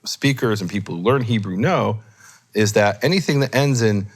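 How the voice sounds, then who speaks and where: A man explaining grammar in a relaxed teaching discussion, thinking aloud and correcting himself as he goes. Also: lowish voice, normal speed. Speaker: Hebrew scholar teaching.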